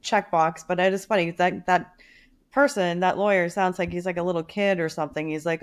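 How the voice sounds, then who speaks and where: Smooth low-voiced woman podcast co-host. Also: steady tone, fairly quick. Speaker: podcast co-host asking questions. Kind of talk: casual podcast chat.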